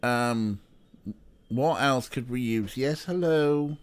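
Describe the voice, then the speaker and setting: A man's voice: medium pitch, takes it slowly, clear, resonant tone. A man streaming an adventure game, rambling and joking with chat, sometimes swearing while teasing a pet. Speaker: let's play streamer. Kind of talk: casual gameplay commentary.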